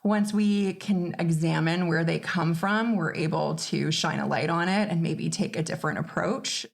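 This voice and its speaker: A woman with a lowish voice speaks as a podcast guest, candid and reflective. She talks in a casual interview style, working through her own story at an easy pace. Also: normal speed, gravelly.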